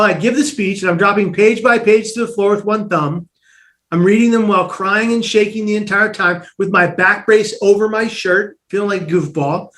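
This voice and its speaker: Man, high pitch, interview guest, animated personal storytelling, acts out quotes. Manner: animated, acts out quoted voices, restarts often.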